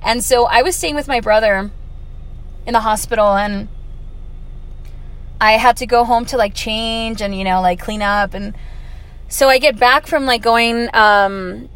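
A woman's voice: fairly high pitch, unhurried, pauses often, a bit bright. Chatty woman in her twenties rambling. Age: 20s. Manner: chatty, filler-heavy, lots of "like" and "um". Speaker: audio vlogger. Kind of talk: casual rambling storytelling. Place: on the way home from work.

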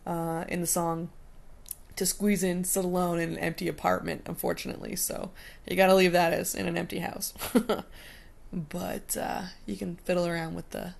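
Gravelly woman chatting about a song. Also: on the low side, little pitch movement. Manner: quick, chatty asides with laughs. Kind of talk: singing a cover, then casual chat about it.

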